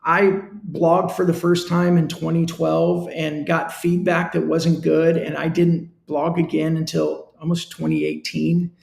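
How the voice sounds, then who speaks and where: A man's voice: a little high, completely flat delivery, unhurried, vocal fry, hardly any pauses, a little mellow, echoey room. A man hosting a live-stream business talk, speaking earnestly and conversationally in a coaching tone. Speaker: show host.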